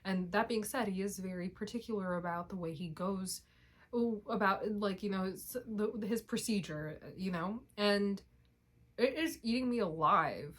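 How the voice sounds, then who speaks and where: A woman's voice: medium pitch, moderate pace. A young woman vlogging in casual chat to camera, candid and rambling, laughing often and swearing now and then.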